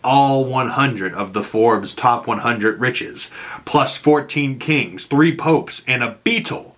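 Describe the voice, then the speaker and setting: A man's voice: medium pitch, slow pace, a bit bright. A man hosting a casual episode breakdown, talking in a chatty, rambling way full of fillers and laughing at his own jokes. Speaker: YouTube host reviewing a superhero show.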